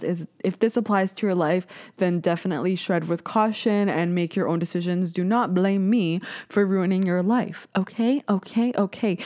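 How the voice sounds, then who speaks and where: A Canadian woman in her twenties hosts a casual solo podcast in a lowish, darkish voice. She's chatty, swears freely and slips into mocking voices.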